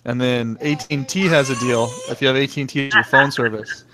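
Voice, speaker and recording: Male panel guest, halting, repetitive, mid pitch, faint line noise. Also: steady tone. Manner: halting, repeats himself, fills with um. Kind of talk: casual panel chat over an online call.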